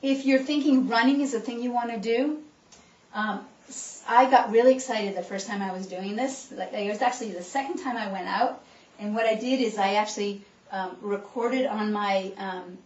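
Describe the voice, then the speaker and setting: A woman chiropractor giving an animated exercise talk, coaching her listeners along as she demonstrates. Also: medium pitch, moderate pace. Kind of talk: animated instructional talk to a group. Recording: echoey room, voice picked up from a distance, dull sound.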